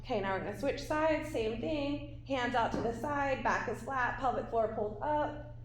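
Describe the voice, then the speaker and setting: High-voiced woman coaching a workout. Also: normal speed, roomy sound, slight background noise. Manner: encouraging, talks through exercises while doing them. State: out of breath at times. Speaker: fitness instructor. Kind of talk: workout instruction.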